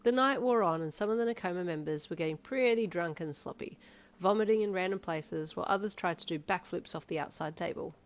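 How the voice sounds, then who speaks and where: A woman reading second-person fanfiction aloud with brisk, lively storytelling. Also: lowish voice. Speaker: fanfiction reader.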